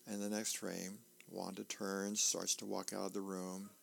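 A man who volunteers reading a newspaper aloud on a reading service, unhurried and plain, with small fillers. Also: sits low, completely flat delivery, gravelly, a bit bright.

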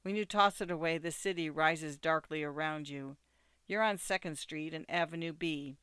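A man narrating an audiobook in a steady, second-person storytelling way. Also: fairly high pitch, normal speed, clear, resonant tone, no echo.

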